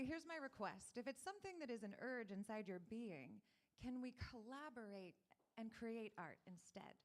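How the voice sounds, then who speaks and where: A woman does a stand-up set at an open mic. She teases the crowd and pulls them in with questions. Her voice sits a little high. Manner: playful, coaxing the audience with questions. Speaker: stand-up comedian.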